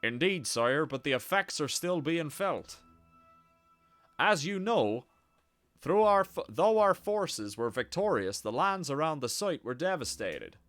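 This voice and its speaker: A man's voice: fairly high pitch, very animated, measured pace, fairly bright tone, no room sound, soft background music. A man voicing an anxious middle-aged duke who pleads earnestly and deferentially. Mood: pleading. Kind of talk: reading game dialogue aloud with voices.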